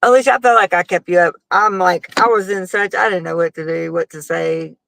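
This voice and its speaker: A woman's voice: on the low side, fairly quick, creaky, a bit bright, slight background noise, low-quality recording. A middle-aged woman, hosting a casual live chat and telling a long, rambling story full of fillers. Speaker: host.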